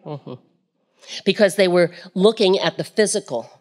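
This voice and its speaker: A woman preaching a Pentecostal sermon, expressive, swinging from shouts to quiet asides. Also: lowish voice, normal speed.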